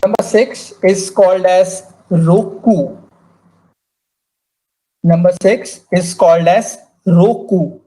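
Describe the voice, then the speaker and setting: A woman teaching a language class, repeating each word slowly and drilling pronunciation. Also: on the low side, mellow, rough recording. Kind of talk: slow, careful language lesson.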